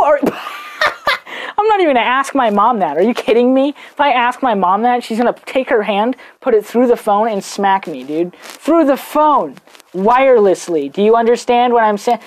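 A young woman telling a personal story on her podcast, casual and animated, swearing and acting out the people she quotes in different voices. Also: medium pitch. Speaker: podcast host.

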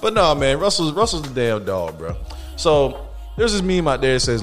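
A man's voice: medium pitch, big pitch swings, normal speed, faint music behind. A young man co-hosting a podcast in loose, joking casual chat, swearing freely. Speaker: podcast co-host.

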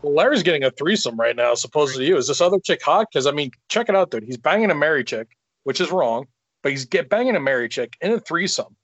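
A man keeps pressing crude, nosy questions in casual podcast banter. His voice is slightly high. The sound is dry and close. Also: lively intonation, quick pace, fairly bright tone, no room sound, highs cut off. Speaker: co-host.

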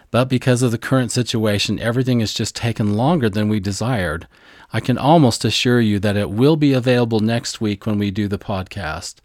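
This is a man co-hosting a scripture lesson podcast, and his voice sits a bit low. He is eager and deliberate, taking care over how names are pronounced. The sound is dry and close, with no room around it. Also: darkish tone, dry recording. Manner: eager, deliberate, spells out pronunciations. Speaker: podcast co-host teaching scripture.

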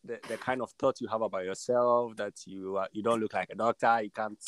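A man's voice: lowish voice, fairly even intonation, brisk. A young man, a doctor, telling his story casually, often stumbling and repeating words. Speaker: doctor guest. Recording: noticeable background noise.

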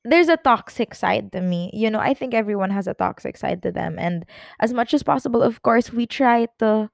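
A young woman hosts her own podcast and talks through her feelings in a loose, rambling way, tearful at times. Her voice sits a little high with a gravelly fry. The close mic sounds dry and near. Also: animated, moderate pace, no room sound. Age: young adult. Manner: emotional, rambling, with many restarts and fillers. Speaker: podcast host. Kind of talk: personal confessional chat.

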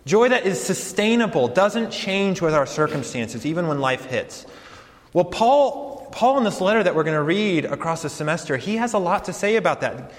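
A young adult man, a campus ministry pastor, giving a conversational sermon with self-deprecating, animated storytelling. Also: high-pitched, normal speed. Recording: long hall reverb.

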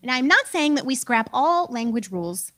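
A woman's voice: sits high, big pitch swings, normal speed, pushed and bright. A woman in her thirties, a preacher and teacher, giving a casual, conversational talk with a self-deprecating manner.

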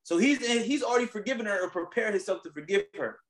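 Animated, profane man recapping gossip. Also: high-pitched, fast talker, low-quality recording. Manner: animated storyteller, profane, slangy. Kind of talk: casual recap chat.

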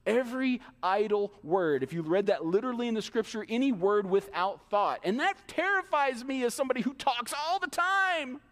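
A man preaches from the pulpit, his voice high and swinging widely in pitch. He talks fast and conversationally, slipping into mocking little impressions of other people. A long reverb trails after his words, as in a church sanctuary. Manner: animated preaching, mimics excuses in asides. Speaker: pastor. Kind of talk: sermon.

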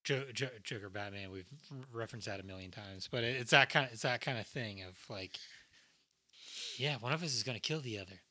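A man's voice: on the low side, brisk, sharp tone. A man co-hosting a casual movie podcast, rambling and swearing freely as he retells film scenes. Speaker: podcast co-host.

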